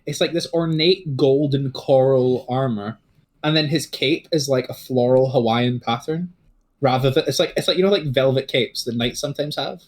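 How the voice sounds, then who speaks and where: A man's voice: mid-range voice, moderate pace. A man running a tabletop game as game master, rambling with many fillers and restarts.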